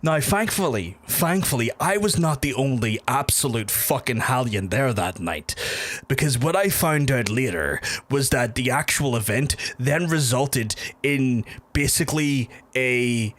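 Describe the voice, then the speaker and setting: A man's voice: medium pitch, animated, a little slow. A man with a Northern Irish accent, a streamer telling a rambling, profane, self-mocking story in casual talk while he plays.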